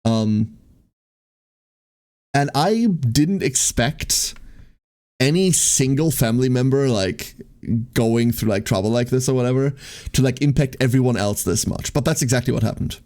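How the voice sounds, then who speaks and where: A man's voice: mid-range voice, measured pace, long pauses, a little mellow. A young man livestreaming, venting casually to his viewers in a rambling way, with lots of "like" and swearing.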